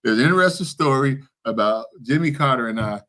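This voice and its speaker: A middle-aged man co-hosting a casual faith and news chat, a lively storyteller whose voice jumps up when he quotes people. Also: mid-range voice, a little fast. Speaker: co-host of a weekly faith and news show.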